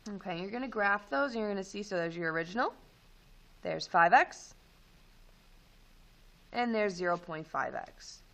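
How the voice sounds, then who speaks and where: A woman teaching math, going over homework and walking students through steps in a relaxed way with frequent ums. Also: medium pitch, fast, few pauses, rough recording. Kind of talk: homework review and lesson.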